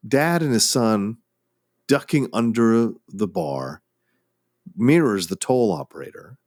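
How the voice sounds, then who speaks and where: A man co-hosting a film podcast, making an emphatic point about one film's influence on another. His voice is low with lively swings in pitch, and the recording is dry and close. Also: slow, dry recording. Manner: musing, emphatic, profane. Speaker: podcast co-host. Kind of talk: casual film discussion.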